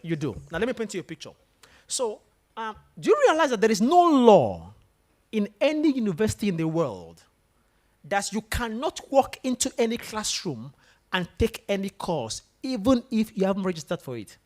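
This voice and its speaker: Animated male speaker addressing students. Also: sits high, normal speed. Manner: animated, questions the audience directly. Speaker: guest speaker at a university. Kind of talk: motivational talk to students. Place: lecture room with students.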